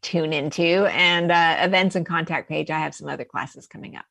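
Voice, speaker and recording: A woman with a notably low voice speaks as a guest therapist, explaining her work earnestly. The sound is close and dry. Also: steady tone, normal speed, gravelly, a bit bright, dry recording. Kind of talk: interview answers.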